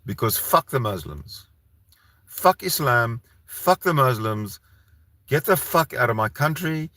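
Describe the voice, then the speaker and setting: A man's voice: mid-range voice, very animated, slow pace, pushed and bright, dry recording. A Canadian man hosting a rambling solo show, heated and profane, often restarting his sentences. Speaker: solo channel host. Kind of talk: rambling solo livestream talk.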